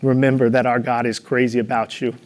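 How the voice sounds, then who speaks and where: A man's voice: medium pitch, a little fast. A young man giving a devotional talk, telling playful stories with humor and an encouraging, earnest manner. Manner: storytelling with playful humor, animated in anecdotes.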